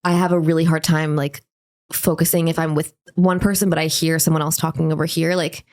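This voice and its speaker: A woman co-hosting a podcast in casual chat, chatty and quick to laugh along. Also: low voice, little pitch movement, darkish tone. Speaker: podcast co-host.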